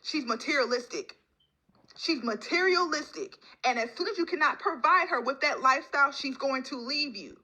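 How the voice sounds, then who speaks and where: A woman's voice: high voice, a little fast, few pauses, sharp tone, rough recording. A woman speaking emphatically and with scorn in an opinion clip.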